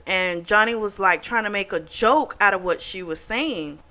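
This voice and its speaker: A woman's voice: mid-range voice, normal speed, hardly any pauses. Female book club host; chatty, foul-mouthed, indignant recap delivery with quoted dialogue. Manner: animated, profane, indignant retelling with voiced quotes. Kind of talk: casual book review recap.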